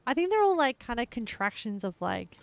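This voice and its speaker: A woman's voice: on the high side, very animated, a little fast, vocal fry. An Australian woman streaming a game, chatting casually and rambling as she searches for words. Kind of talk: casual chat while gaming.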